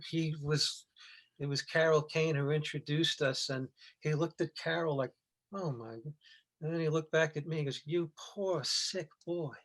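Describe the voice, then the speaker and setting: A man's voice: fairly high pitch, flat delivery, moderate pace, a bit bright. A middle-aged man talking casually as a guest, rambling and restarting his sentences with many fillers. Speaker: guest actor. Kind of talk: casual chat.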